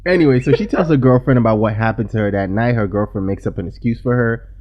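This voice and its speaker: A man co-hosting a podcast, recapping a TV episode in casual chat with quick asides and self-corrections. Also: mid-range voice. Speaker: podcast co-host. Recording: lo-fi podcast audio.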